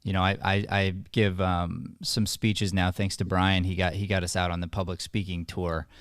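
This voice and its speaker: A man's voice: low-pitched, level tone, moderate pace, clean tone, no echo, clean studio sound. A man hosting a podcast, talking earnestly in a casual way and often restarting his sentences. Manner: earnest, storytelling, with repeated restarts. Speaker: podcast host and acting coach.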